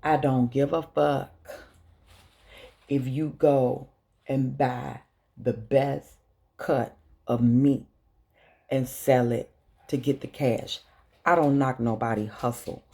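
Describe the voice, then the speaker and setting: A woman's voice: very deep voice, fairly even intonation, warm tone, slightly rough. A middle-aged woman from Chicago with a Chicago accent, talking straight to her viewers in an emotional, blunt monologue. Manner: slow, earnest and blunt, with profanity. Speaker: vlogger. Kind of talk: emotional direct-to-camera monologue.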